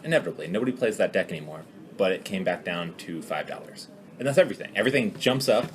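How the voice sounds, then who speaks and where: A man's voice: fairly low pitch, a little hiss or hum. A man in an interview, reasoning through a point and repeating words as he searches for them. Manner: repeats words, builds an argument.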